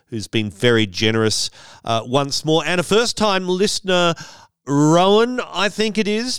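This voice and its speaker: A man hosts a solo podcast in a chatty, wry manner, drifting into rambling asides. His voice is smooth and clean, recorded dry on a close mic with no room sound. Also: fairly high pitch, fairly bright tone, no room sound. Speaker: podcast host.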